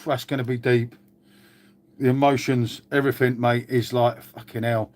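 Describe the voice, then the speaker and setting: A man's voice: medium pitch, little pitch movement, moderate pace. A man hosting a casual live chat to viewers, glum and sweary, calling everyone mate. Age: older. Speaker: channel host.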